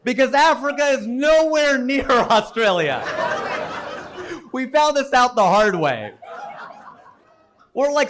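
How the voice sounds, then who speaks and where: Male stand-up, high-pitched, very lively delivery, incredulous punchlines. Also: slow, long pauses, a faint crowd, a little hiss or hum. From United States. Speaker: stand-up comedian. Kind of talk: stand-up comedy set.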